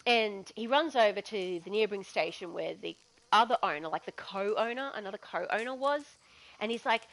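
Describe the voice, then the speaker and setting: A woman's voice: medium pitch, expressive, moderate pace, a bit bright, rough recording. A woman with an Australian accent telling a story in a chatty, digressive way as a gaming vlogger. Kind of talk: casual storytelling.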